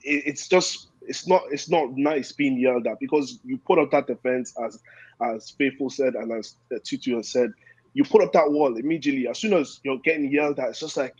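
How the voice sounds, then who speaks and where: A man's voice: medium pitch, fairly quick, a little mellow, husky, no room sound, muffled recording. A young man talking as a guest on a talk show, earnest and rambling, acting out quotes as he speaks. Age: young adult. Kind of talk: casual chat.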